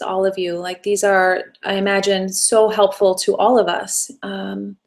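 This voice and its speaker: A woman hosting a live self-help session, answering viewer questions in a gentle, coaching way with long flowing sentences. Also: medium pitch. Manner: gentle, coaching, speaks in flowing run-on phrases.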